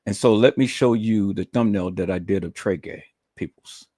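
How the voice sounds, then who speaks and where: A man's voice: low-pitched, moderate pace, dark tone, dry recording, studio quality. A man ranting on a livestream, profane, mocking and repetitive. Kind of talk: livestream rant.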